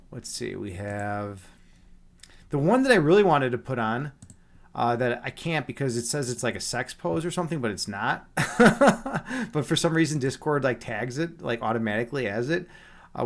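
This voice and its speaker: A man hosting a livestream, chatting casually with viewers in a joking, teasing way, with many restarts and fillers. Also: medium pitch. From Chicago. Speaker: livestream host.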